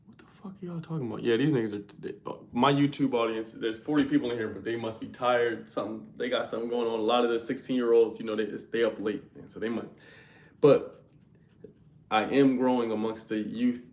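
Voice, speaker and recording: A young man hosts a casual livestream, talking to his viewers in loose, slangy language. His voice sits at an ordinary middle pitch. He speaks as if the chat were in the room with him. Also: fairly even intonation, a little fast, a little mellow, echoey room. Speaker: livestream host.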